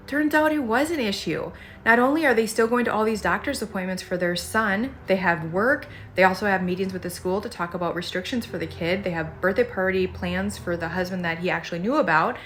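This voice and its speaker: Woman hosting a podcast, retelling a listener's story, emphatic and animated, average pitch. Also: normal speed, a little hiss or hum. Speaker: podcast host. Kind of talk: storytelling commentary.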